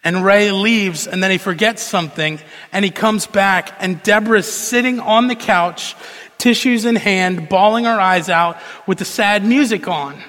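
A male pastor preaching a sermon in a conversational, animated storytelling manner, in a church hall. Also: sits high, unhurried. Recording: long reverb of a large hall.

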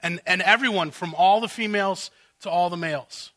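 A man's voice: sits high, fairly quick, sharp tone. A male pastor preaching an expository sermon, walking through the text and acting out what the characters are really saying.

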